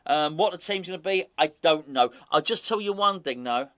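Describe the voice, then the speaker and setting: A man with a fairly high voice chats about football as a show host. He rambles in an animated, off-the-cuff way and keeps circling back to repeat his points. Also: normal speed. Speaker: podcast host. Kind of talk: casual football chat.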